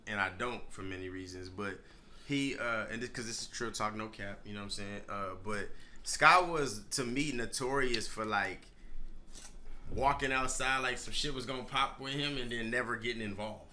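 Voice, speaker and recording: A man hosting a casual podcast talk has a very bright, sharp voice at a middle pitch. He reacts to his guest with short backchannels in a laid-back way. A faint background hiss and some room ambience sit behind him. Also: moderate pace. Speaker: podcast host. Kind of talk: casual interview chat.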